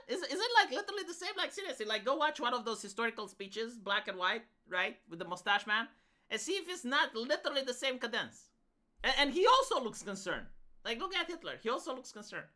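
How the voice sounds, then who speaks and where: A woman's voice: high-pitched, sing-song, quick pace, sharp tone. A woman from Romania, giving rambling, filler-heavy commentary on a casual live stream.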